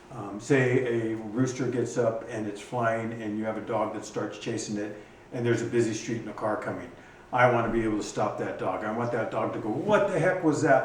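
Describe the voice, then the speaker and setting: A man who trains hunting dogs explains his gear in a casual instructional video, talking haltingly with frequent ums and restarts. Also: on the low side. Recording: echoey room, distant mic, faint noise.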